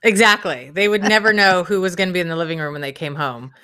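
A woman co-hosting a podcast in casual chat, with a teasing, expressive sense of humor. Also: on the low side, fast. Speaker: podcast co-host.

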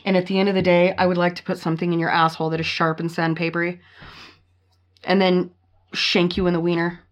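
Woman, podcast co-host, low voice, profane, blunt, reads aloud. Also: flat delivery, quick pace. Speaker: podcast co-host reading a listener story. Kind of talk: casual podcast chat and reading aloud.

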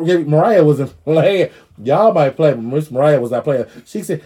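A man with a husky, dark voice hosts a sassy comedy commentary show. He rants brashly and profanely, dishing gossip in a rolling, opinionated delivery. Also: fairly high pitch, measured pace. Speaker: show host.

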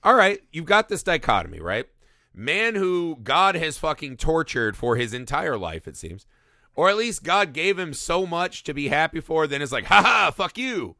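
A man riffs on a movie he disliked with a bright, animated voice that swings up and down in pitch and keeps acting out what the characters say. He swears often and talks as a podcast co-host. The sound is dry and close. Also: moderate pace, no room sound. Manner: animated, profane, acts out quoted lines. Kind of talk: casual movie review chat.

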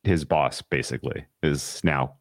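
This is a man with an extremely low, deep voice hosting a casual sports talk show. He picks apart coaching decisions in an opinionated, analytical way and often restarts his sentences. The sound is dry and close, with no room around it. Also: steady tone, unhurried, dry recording. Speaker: sports podcast host.

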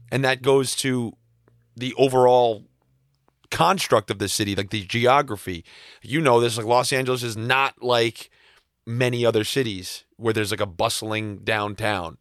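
A man hosting a podcast in casual chat, his voice hoarse and husky from shouting, talking in a wry, self-deprecating way. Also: mid-range voice, steady tone, unhurried, no echo, clean studio sound. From East Coast United States. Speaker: podcast host.

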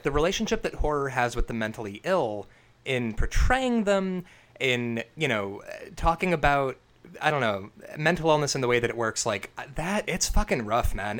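A man's voice: mid-range voice, fairly bright tone. A man co-hosting a podcast, talking earnestly and casually, with some swearing. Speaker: podcast co-host. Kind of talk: casual chat.

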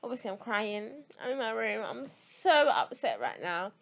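A young woman tells a story to friends. Her voice swings widely and sits a touch high, and she acts out the quotes, swearing freely. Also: moderate pace, vocal fry. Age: young adult. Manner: animated, swearing, acting out quotes. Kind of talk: casual chat among friends.

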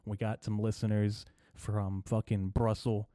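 Rambling, profane young man, low and dark. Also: measured pace, no room sound, studio quality. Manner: rambling, profane, deadpan delivery with filler words. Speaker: podcast host. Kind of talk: casual rambling comedy monologue.

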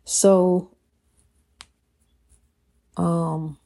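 Mellow-voiced woman preaching encouragement. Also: lowish voice, little pitch movement, very slow, vocal fry. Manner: preachy, repetitive, calls listener honey. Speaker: spiritual vlogger. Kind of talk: inspirational monologue.

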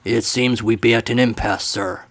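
A man voicing a gruff, dim-witted pirate captain who talks in pirate slang. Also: mid-range voice, steady tone, moderate pace, fairly bright tone, lightly acted. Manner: pirate talk, growling.

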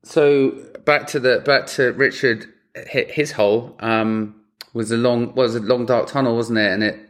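A man's voice: mid-range voice, measured pace. Male podcast co-host with a mid-range voice, talking openly and with a lot of feeling. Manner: animated, emotional, swears freely. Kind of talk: casual chat.

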